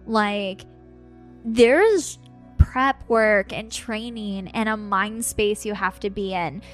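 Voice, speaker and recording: A young woman, a podcast host and medium, telling a story in casual chat, animated and swearing freely as she acts out what people said. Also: mid-range voice, slow pace, faint music behind.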